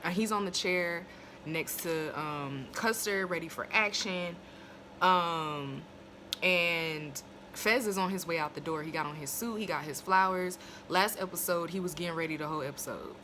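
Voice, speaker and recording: A woman's voice: on the low side, measured pace, bright, forceful tone, slight background noise. A woman casually reviewing a TV episode into her phone. She swears freely, talks in long run-on asides, and gets fired up and indignant. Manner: fired-up and indignant when ranting.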